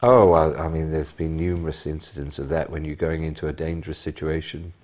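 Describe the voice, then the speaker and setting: An older man, a retired police officer, telling animated stories in an interview with bursts of emphasis. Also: rumbling low, fairly quick. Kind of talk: anecdotal interview.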